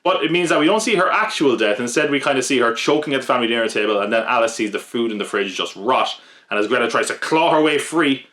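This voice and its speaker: A man of middle pitch reads his scripted horror-movie countdown with a wry, jokey edge and asides to the listener. He talks plainly and steadily, like a podcast host. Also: lively intonation, quick pace, sharp tone.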